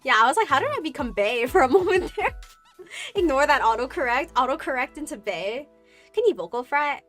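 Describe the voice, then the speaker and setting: A young adult woman streaming as a VTuber, chatting casually with her viewers in a rambling way, full of "like" fillers and giggles, with some vocal fry. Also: high-pitched, expressive, brisk, a bit bright, faint music behind. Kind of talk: casual chat reading viewer comments.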